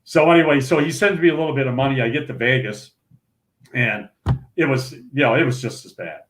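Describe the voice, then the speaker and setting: A man in his sixties from Minnesota, a guest telling rambling, lively stories full of restarts and chuckles in a relaxed podcast chat. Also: medium pitch, a little fast. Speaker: interview guest, retired pro bowler. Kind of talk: casual storytelling in a podcast interview.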